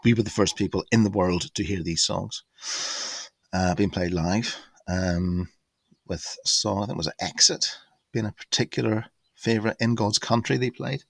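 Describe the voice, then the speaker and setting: A man in his fifties, a podcast guest telling a casual anecdote in an animated way, swearing freely and full of fillers and restarts. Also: on the low side, moderate pace, gravelly, no echo. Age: 50s.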